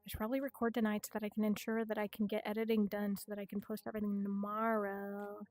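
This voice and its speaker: A young woman streamer chatting casually on a livestream, rambling and swearing, with sudden expressive rises in pitch. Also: fast talker, dry recording, soft background music. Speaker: VTuber streamer.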